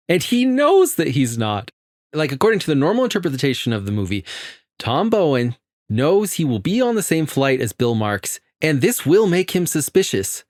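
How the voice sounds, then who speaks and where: A man co-hosting a film podcast, laying out a theory in relaxed chat. His voice rises and falls a great deal as he talks, and he laughs often. The sound is dry and close. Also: fairly high pitch, normal speed, dry recording. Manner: animated, explains theories, laughs a lot. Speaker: podcast co-host. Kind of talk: casual chat.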